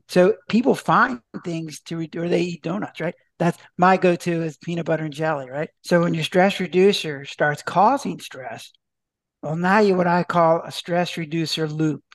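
A man's voice: on the high side, moderate pace, vocal fry, dry recording. A man, a doctor and author, answering podcast interview questions in a chatty way, full of restarts and acted-out dialogue.

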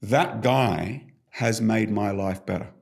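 A middle-aged man with a low, gravelly voice talks as a coaching guest on a podcast. He tells his stories with animated emphasis and leans hard on key words. His creaky low tone carries through his explanations. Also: takes it slowly. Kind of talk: podcast conversation.

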